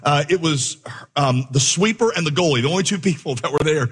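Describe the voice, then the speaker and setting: A man preaching a sermon, telling a story with lively acted-out dialogue before turning to the message. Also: on the high side, fairly quick, breathy edge. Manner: animated storyteller, acts out dialogue. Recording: long hall reverb.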